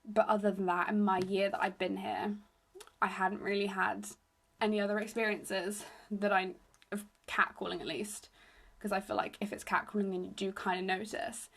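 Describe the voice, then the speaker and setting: A young woman from England with a slightly raspy voice, hosting a solo podcast into her phone in a rambling, self-deprecating chat. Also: medium pitch, little pitch movement, moderate pace, a bit bright. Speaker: podcast host.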